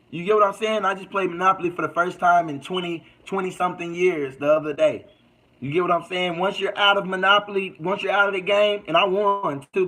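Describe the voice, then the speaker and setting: A man's voice: a little high, fairly bright tone, low-quality recording. A man hosting a casual livestream, reading out comments and preaching in a loose, slangy way. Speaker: livestream host.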